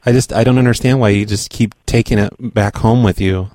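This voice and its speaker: A man making a prank phone call, pushy, rude and deadpan. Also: on the low side, fairly quick, no room sound, studio quality. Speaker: prank caller.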